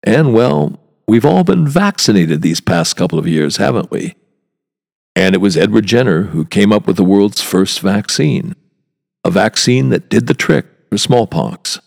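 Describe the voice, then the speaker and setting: Gravelly low-voiced man, wry podcast monologue. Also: animated, measured pace, a little mellow, in a large hall. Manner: wry, chatty, with rhetorical asides. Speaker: walking tour guide and podcast host.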